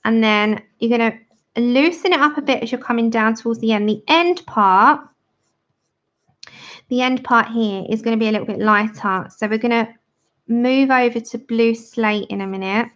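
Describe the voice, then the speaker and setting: A woman's voice: a little high, normal speed, fairly bright tone. A woman in her thirties chatting casually and giggling while she demonstrates colouring on a livestream. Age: 30s. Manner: chatty, giggly, reads out viewer comments. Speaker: livestream host colouring with viewers. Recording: dull lo-fi livestream audio.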